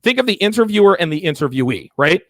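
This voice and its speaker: Host, male, gravelly and slightly high-pitched voice, emphatic and repetitive, dry close recording. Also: very animated, fast, a bit bright, no echo. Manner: emphatic, repetitive, acts out mock dialogues. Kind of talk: call-in dating advice show.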